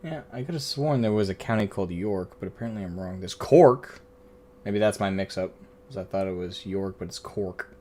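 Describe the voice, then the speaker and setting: A man's voice: deep voice, normal speed, dark tone, a little hiss or hum. A man streaming a game, chatting casually in a rambling, profane way, often correcting himself. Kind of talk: casual live-stream chat.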